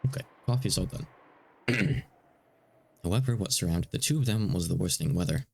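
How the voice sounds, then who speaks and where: A man's voice: low voice, animated, fairly quick, creaky. A male streamer reading a visual novel aloud, with casual asides between the narration.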